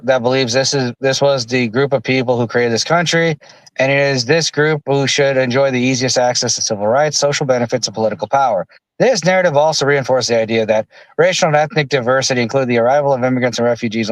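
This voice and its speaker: A man's voice: medium pitch, fast talker, no echo, poor audio. A man co-hosting a livestream in casual, opinionated chat. He talks bluntly and sarcastically, and often restarts his sentences. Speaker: livestream co-host.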